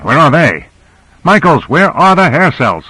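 A man's voice: a little high, sing-song, unhurried, sharp tone, slightly rough, no echo, pitched above the performer's own voice, exaggerated voice, rough recording. A man voicing an anxious male crew member calling out urgently, in an audiobook character voice.

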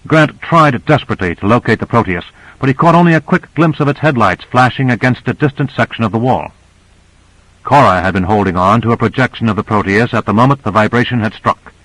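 A man narrating an audiobook with steady, measured storytelling. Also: medium pitch, no echo, low-quality recording.

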